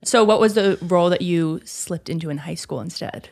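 A woman with a slightly low voice, chatting on a podcast. She asks curious questions and reacts quickly to what the others say. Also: creaky, darkish tone. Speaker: podcast co-host. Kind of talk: casual chat.

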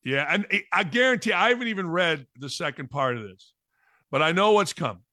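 A man's voice: on the high side, animated, a little fast, bright, forceful tone, no room sound, clean studio sound. A middle-aged man and former coach hosting a sports talk show, brash, blunt and sarcastic in his opinions.

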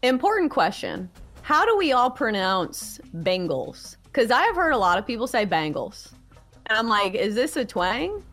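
A woman with a Southern US accent leads a casual football podcast. She is chatty and playful and keeps asking the panel questions. Her pitch rises and falls freely. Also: sing-song, moderate pace, a bit bright. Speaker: sports podcast host. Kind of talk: casual sports chat.

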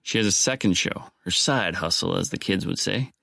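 Male podcast host, low voice, dry close-miked sound, joking and casual. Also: normal speed, vocal fry, sharp tone, no echo. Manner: wry, joking asides.

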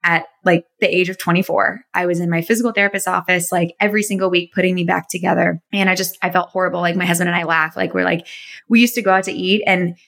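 A woman's voice: lowish voice, steady tone, fast talker, vocal fry, fairly bright tone. A woman in her thirties, a physical therapist and fitness business owner, talking as an enthusiastic, chatty interview guest. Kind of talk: casual interview chat.

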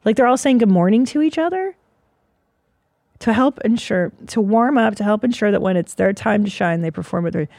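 Woman host, 40s, gravelly and dry, swears freely in a rambling solo monologue. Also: mid-range voice, expressive, brisk, a little mellow, no echo. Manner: profane, rambling, self-mocking. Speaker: podcast host.

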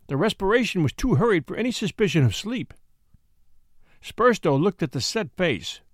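A man narrating a story as an audiobook, in an expressive, measured storytelling manner. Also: high-pitched, no room sound, clean studio sound.

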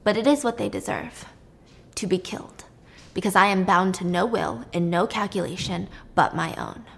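A woman's voice: mid-range voice, normal speed, gravelly, natural voice. A woman voicing a haughty male sun god.

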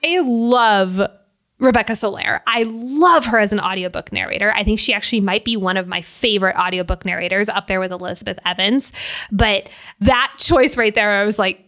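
A woman co-hosting a podcast, chatting casually about a book, animated, laughing often and swearing casually. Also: medium pitch, brisk. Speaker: podcast co-host.

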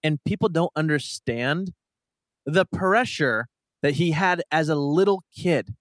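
A man co-hosting a podcast, talking in a chatty, emphatic way with quick asides. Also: a little high, animated, fairly bright tone, no echo, clean studio sound. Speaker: podcast co-host. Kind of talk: casual chat.

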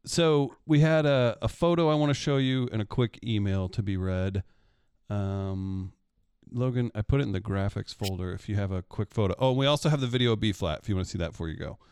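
A man's voice: lowish voice, fairly quick, a little mellow, clear, resonant tone, no echo, clean studio sound. A man in his thirties hosting a show in casual chat, laid-back, with short remarks. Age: 30s. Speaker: podcast host.

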